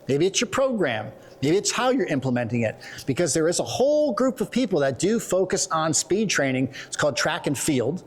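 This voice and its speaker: A middle-aged man giving a conference talk, animated and joking, telling quick stories to make his points. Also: a little high. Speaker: conference presenter. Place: conference hall.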